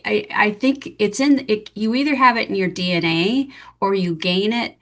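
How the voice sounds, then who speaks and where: A woman hosting a podcast with a voice of middle pitch. She reflects back on what her guest says and encourages her before asking the next question. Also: moderate pace, fairly bright tone. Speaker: podcast host, medium and intuition teacher. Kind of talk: casual interview.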